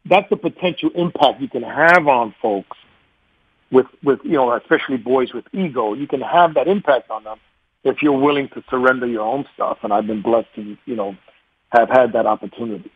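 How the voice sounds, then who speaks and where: A man in his forties with a New York accent, a radio guest talking in a casual, animated way, laughing often and repeating words as he restarts. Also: medium pitch, moderate pace, breathy edge, dry recording. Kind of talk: casual interview talk. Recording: dull, muffled radio sound, dry.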